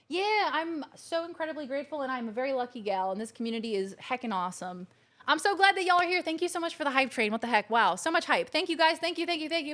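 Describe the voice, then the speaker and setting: A woman's voice: high-pitched, animated, fast, fairly bright tone. A woman streaming a video game from her couch at home, chatting casually and gushing thanks to her viewers. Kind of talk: casual live-stream chat. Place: living room couch at home.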